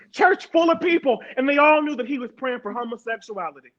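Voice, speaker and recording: High-voiced woman giving emphatic testimony. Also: animated, a little fast, highs cut off. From Harrisburg, Pennsylvania. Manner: emphatic, repeats words for stress. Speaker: panel guest. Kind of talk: personal testimony in a panel talk.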